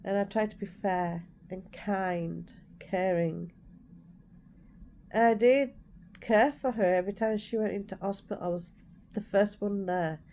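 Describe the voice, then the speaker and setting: A Yorkshire woman vlogs candidly and from the heart, recounting what happened to her and heatedly repeating what she said at the time. Her mid-range voice is steady, mellow, and a little slow, with slight background noise.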